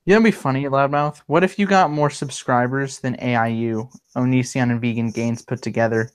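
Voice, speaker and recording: A man chatting casually on a livestream as the host, his voice smooth and resonant. He rambles along, full of ums and restarts, at an ordinary middle pitch. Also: steady tone, fairly quick. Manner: rambling, many fillers and restarts.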